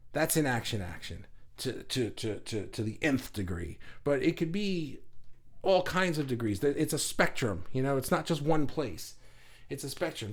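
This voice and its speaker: A man's voice: fairly high pitch, expressive, moderate pace. A man hosting a casual spiritual livestream, answering viewers' chat in a reflective, thinking-aloud way. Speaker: host answering live chat.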